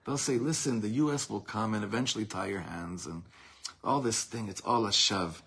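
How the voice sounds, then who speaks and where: A man's voice: on the low side, normal speed, gravelly, a bit bright, slightly rough. A man, a rabbi, giving an impassioned lesson, mixing Hebrew phrases into his English and swelling in volume at dramatic peaks. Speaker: rabbi teaching a class.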